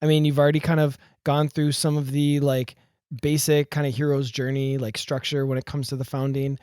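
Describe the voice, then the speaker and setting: Male podcast co-host, mid pitch, hesitant and casual, dry studio sound. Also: level tone, brisk, darkish tone, smooth, no room sound. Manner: loose, hesitant, thinks aloud with fillers.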